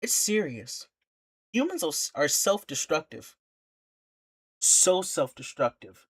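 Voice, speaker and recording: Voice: mid-range voice, very animated, takes it slowly, slightly rough. A streamer giving an impassioned, indignant commentary rant, full of rhetorical questions and repeated points.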